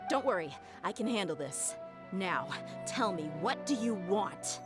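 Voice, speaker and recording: A woman's voice: medium pitch, lively intonation, a little slow, natural voice. A woman voicing a bold, protective young woman fighter in a game, with a confident, direct way of speaking. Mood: assertive. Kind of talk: game voice acting. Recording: game dialogue over music.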